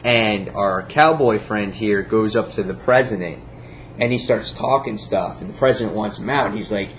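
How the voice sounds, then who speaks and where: A man with a lowish voice chats through a comic book review, eager and rambling, stumbling over his words and acting out bits of dialogue. The recording is dull and lo-fi with a faint hiss behind him. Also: normal speed. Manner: enthusiastic, rambling with many fillers, acts out quotes. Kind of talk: casual video review.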